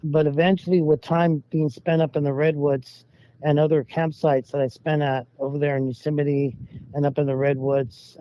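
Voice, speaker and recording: A man tells his stories in a loose, rambling way, slipping into the voices of the people he quotes. His voice sits a little high for a man. The recording sounds dull and lo-fi. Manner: rambling, acts out quoted voices, laughs while telling. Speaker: guest storyteller. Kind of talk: casual storytelling.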